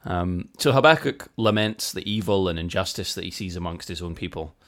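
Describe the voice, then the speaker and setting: Low, animated and brisk, this man's fairly bright voice carries a podcast conversation about the Bible. He co-hosts with a thoughtful, self-deprecating touch, explaining Bible facts and laughing freely amid the casual chat.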